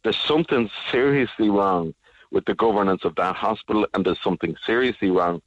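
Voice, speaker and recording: Angry man with a very deep voice. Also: brisk, no echo. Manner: angry, emphatic, repetitive. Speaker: guest advocate. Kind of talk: radio interview. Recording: dull lo-fi radio sound.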